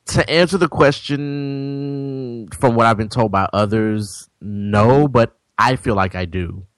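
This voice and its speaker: A man's voice: medium pitch, slow, clean tone, dry recording. A man co-hosting a casual discussion, hesitant and searching for words, then blunt. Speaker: co-host.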